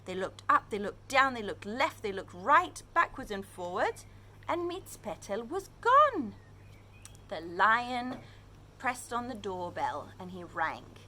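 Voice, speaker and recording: A woman reading a storybook aloud to young children in an animated, questioning way. Her voice is bright and moves freely across its range, with a faint hiss in the background. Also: medium pitch, slow. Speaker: children's storyteller and Hebrew teacher. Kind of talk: reading a picture book aloud, then teaching words.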